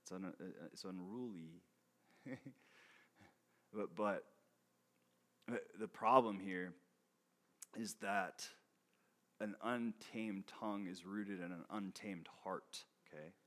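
A man's voice: low voice, takes it slowly, pauses often, fairly bright tone. A man preaching a sermon in a casual, conversational way. He often checks in with "okay?", laughs between points and repeats words as he restarts. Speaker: pastor.

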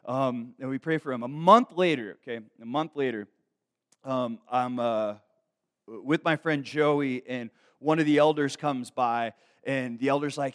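A man's voice: mid-range voice, moderate pace. Casual storytelling young male preacher. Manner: conversational, many fillers, builds to excited storytelling. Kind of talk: sermon with personal stories.

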